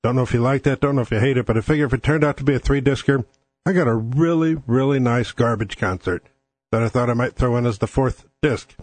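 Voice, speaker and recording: A man's voice: mid-range voice, fast talker, a little mellow, dry recording. A man hosting his own show in a casual monologue, blunt, crude and sardonic, speaking close to the mic. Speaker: podcast host.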